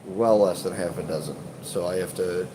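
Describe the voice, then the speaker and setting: Congested low-voiced man rambling on a stream. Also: steady tone, moderate pace, background noise. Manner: rambling, hesitant, many fillers and restarts, swears casually. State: congested, stuffed up. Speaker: urban exploration channel host. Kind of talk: casual live-stream chat.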